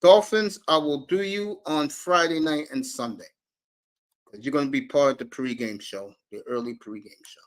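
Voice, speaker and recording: A man's voice: fairly high pitch, moderate pace. A man hosting a live sports talk stream, brash and profane, calling out chat viewers by name. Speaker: sports talk show host.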